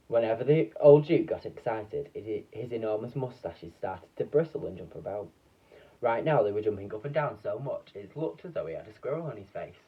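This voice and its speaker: A man reading a children's book aloud in a lively, expressive way, with a few slips and restarts. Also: on the low side, normal speed, breathy edge. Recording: dull, distant lo-fi recording.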